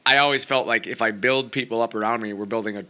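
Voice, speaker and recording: A man's voice: medium pitch, fairly even intonation, fast, pushed and bright, smooth. A man hosting a podcast in casual chat, rambling and packing his talk with fillers like "you know" and "like". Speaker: podcast host.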